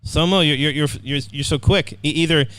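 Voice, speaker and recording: A man's voice: on the high side, fairly quick, fairly bright tone, no room sound. A man teaching an online English writing class, upbeat, repeating words and often checking in with "okay".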